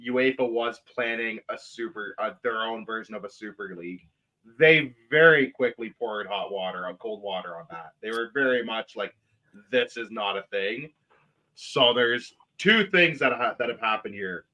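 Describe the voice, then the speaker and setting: A man's voice: fairly low pitch, lively intonation, moderate pace, sharp tone, low-quality recording. A man co-hosting a casual podcast, blunt and opinionated, swearing freely as he lays out his argument. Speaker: podcast co-host.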